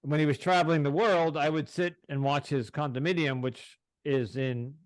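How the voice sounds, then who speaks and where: Long Island-accented man, halting host. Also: on the high side, fairly even intonation, no room sound. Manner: halting, many fillers and throat clearing. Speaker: podcast host. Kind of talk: interview.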